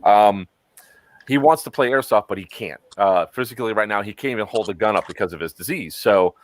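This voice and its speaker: A man's voice: on the low side, brisk. A man hosting a casual chat stream who rambles and fills his talk with frequent ums. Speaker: stream host.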